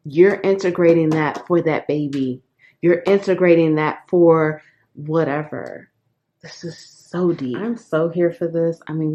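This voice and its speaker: A woman giving a channeled tarot reading in an earnest, emotional way, often dropping to soft whispers. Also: deep voice, dull audio. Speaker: tarot reader.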